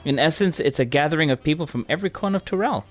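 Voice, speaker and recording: Man doing a small scholarly woman guide, calm and curious, measured explaining, lifted voice, game dub. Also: on the high side, faint music behind, natural voice.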